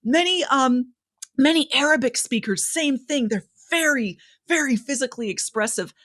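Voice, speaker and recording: A woman guest on a podcast, giving speaking advice in an animated, expressive way with lots of pitch variation. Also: normal speed.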